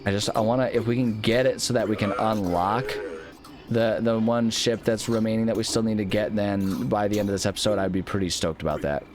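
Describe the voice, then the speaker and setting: A man's voice: lowish voice, steady tone, a little fast. A young man casually commenting on a video game as he plays, thinking aloud and rambling with lots of restarts. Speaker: let's play host.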